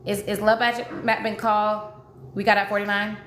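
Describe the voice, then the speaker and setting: A woman's voice: medium pitch, little pitch movement, normal speed, a bit bright. Emotional woman dating coach, echoey room. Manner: emotional, repetitive, pleading. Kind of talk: livestream chat with viewers. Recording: echoey room with faint noise.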